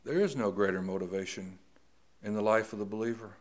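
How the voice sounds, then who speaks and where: A middle-aged man preaching a sermon, slow and deliberate, rising to emphatic stress on key words. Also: fairly low pitch.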